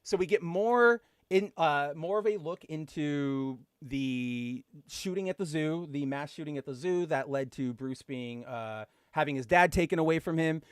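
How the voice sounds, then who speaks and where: A man co-hosting a podcast, chatting casually and excitedly, full of fillers and gushing asides. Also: a little high, unhurried, few pauses, clean tone, no room sound, studio quality. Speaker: podcast co-host. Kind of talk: casual comic book chat.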